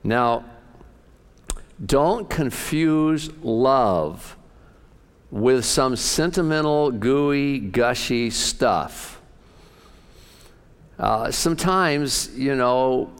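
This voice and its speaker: A man's voice: mid-range voice, clear, resonant tone. A male pastor preaching in a folksy, joking, conversational way, telling stories. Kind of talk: sermon.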